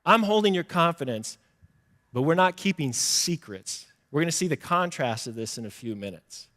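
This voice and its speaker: A male pastor delivers a sermon in a relaxed, conversational way, slipping into small acted-out exchanges and laughing at his own habits. His voice sits a little high for a man. The sound carries a long reverb from a large church sanctuary. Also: moderate pace. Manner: conversational, self-deprecating, acts out little quoted exchanges.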